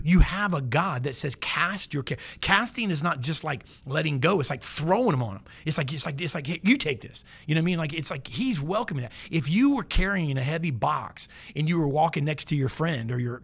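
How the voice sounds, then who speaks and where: A pastor delivering a sermon in a conversational, emphatic way, repeating words and joking in asides. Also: male voice, a little high.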